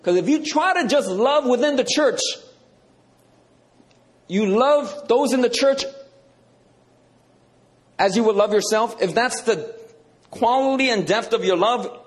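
A man's voice: high-pitched, animated, a little slow, long pauses. A male preacher teaching a sermon in a conversational, emphatic way, often checking in with "okay".

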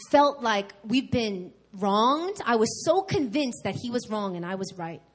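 A woman from New York preaching a sermon at a church service, telling her own story in a candid, animated way with emphatic repetition. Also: fairly high pitch. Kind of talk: sermon with personal testimony.

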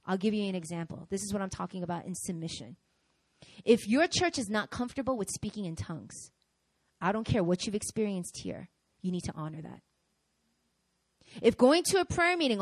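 A middle-aged woman pastor preaching a sermon in an animated way, acting out voices as she tells examples. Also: mid-range voice, a little fast, dry recording. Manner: animated, acts out quoted voices.

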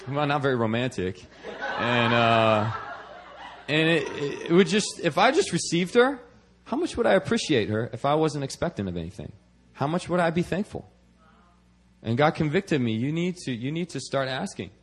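A man with a fairly high voice delivers a conversational sermon to his congregation. He keeps checking in with a quick "okay?" and doubles back on his words as he goes. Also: big pitch swings. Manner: repeats words as he restarts. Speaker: preacher and missionary.

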